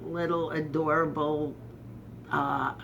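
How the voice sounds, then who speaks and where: Speaking low and slowly over a noisy background, this host from Brooklyn, New York delivers a sarcastic, rambling monologue of political commentary. She keeps breaking off into animated asides.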